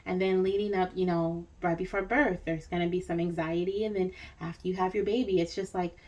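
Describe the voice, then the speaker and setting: A woman's voice: lowish voice, steady tone, fairly quick, a little mellow, highs cut off. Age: adult. Sex: woman. Role: spiritual reader. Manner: rambling, reassuring. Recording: a little distant from the mic. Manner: rambling, reassuring, frequent fillers and tag questions. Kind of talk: casual spiritual reading.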